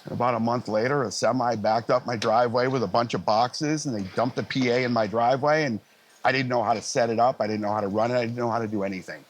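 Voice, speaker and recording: A man's voice: medium pitch, quick pace, slight background noise. Easygoing middle-aged man telling stories. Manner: animated anecdotes, acting out others' lines in a raised voice; frequent fillers and restarts, easygoing. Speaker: live sound engineer, interview guest. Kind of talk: casual storytelling interview.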